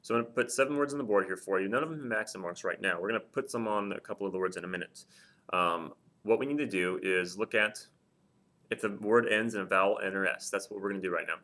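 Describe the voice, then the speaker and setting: Casual, lower-pitched male teacher. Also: fast, bright, forceful tone. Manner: casual, with frequent ums and repeated example words. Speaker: Spanish teacher. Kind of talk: classroom-style explanation at a board.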